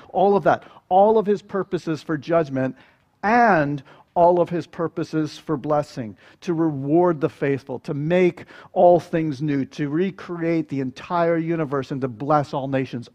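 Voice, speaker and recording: Man, sermon, earnest, emphatic rhetorical questions, slightly high voice. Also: a little mellow. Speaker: preacher.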